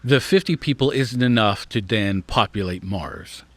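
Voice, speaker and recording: A podcast host whose voice is on the low side and fairly bright reads an article at a measured pace, with no room sound. He stops to reflect and occasionally trips on hard words.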